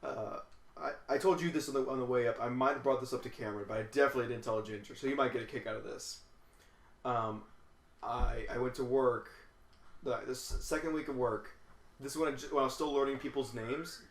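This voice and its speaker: A man's voice: mid-range voice, steady tone, brisk. A man hosting a late-night podcast, telling stories casually with lots of swearing and stammering restarts. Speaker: podcast host. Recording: echoey room.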